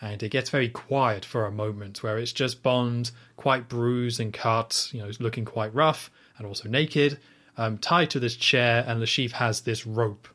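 A man's voice: mid-range voice, fairly even intonation, a little slow, a bit bright. A young man hosting a podcast, casually retelling a film scene in detail with plenty of fillers and quoted lines. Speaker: podcast host recapping a film. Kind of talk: casual chat.

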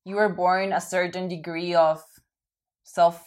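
Hesitant low-voiced woman thinking aloud. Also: little pitch movement, unhurried. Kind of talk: casual podcast chat.

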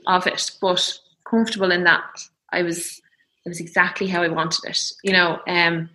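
A young woman telling her birth story in a soft, reflective, emotional way. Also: lowish voice, level tone, moderate pace, poor audio. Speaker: guest.

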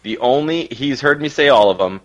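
A man's voice: medium pitch, lively intonation, fairly quick, dull audio. A young man and co-host, telling a story in casual chat with chuckles. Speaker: podcast co-host.

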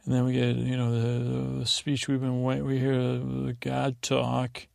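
A man's voice: medium pitch, completely flat delivery, moderate pace, vocal fry, darkish tone, dry recording, clean studio sound. A man hosting a sleep podcast, casually retelling TV scenes in a meandering, drowsy way. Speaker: podcast host. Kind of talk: rambling sleep podcast recap.

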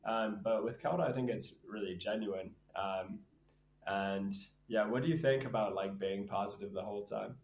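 A man's voice: on the low side, normal speed, creaky, reverberant. A man chatting casually on a podcast as the hosts' brother, teasing and rambling with lots of fillers. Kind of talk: casual chat.

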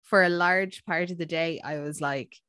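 A woman's voice: lowish voice, steady tone, moderate pace, sharp tone, clear, resonant tone, no echo, clean studio sound. A woman co-hosting a podcast in casual chat, rambling with lots of fillers. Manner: chatty, rambling with many fillers. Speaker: podcast co-host.

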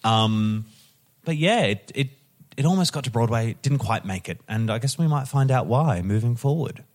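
A man's voice: mid-range voice, lively intonation, moderate pace. A man hosting a podcast, casually reading out a show's history with wry asides and self-corrections. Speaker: podcast host.

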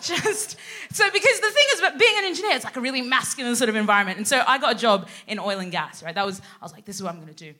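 A young woman telling a comic story on stage, sweary and animated, laughing through her lines. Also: on the high side, very fast. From Australia. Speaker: co-host. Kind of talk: live stand-up storytelling. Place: live theatre stage.

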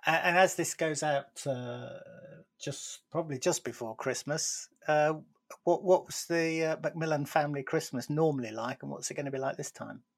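A man's voice: fairly high pitch, moderate pace. A man interviewing a guest, asking friendly questions with hesitations and fillers. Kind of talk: casual interview chat.

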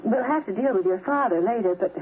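An actress playing a gentle, indulgent mother who soothes and fusses, in 1950s radio drama style, heard through a tinny, hissy old broadcast. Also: a little high, lively intonation, quick pace, close to an everyday voice. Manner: soothing, fussing.

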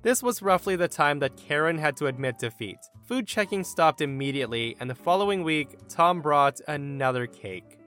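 Animated, bright-voiced male story narrator. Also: fairly high pitch, moderate pace, hardly any pauses, faint music behind. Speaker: story narrator and podcast host. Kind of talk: reading internet stories aloud.

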